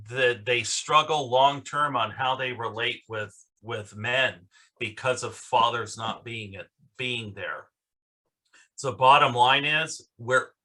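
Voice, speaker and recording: A man moderating a virtual conference panel, talking earnestly with many pauses and fillers over a video call. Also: medium pitch, sharp tone. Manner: slow, earnest, halting with fillers.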